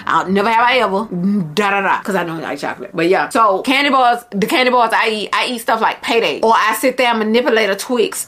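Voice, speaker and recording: A young woman talking to her viewers in a casual vlog, blunt, profane and animated. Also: a little high. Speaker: vlogger.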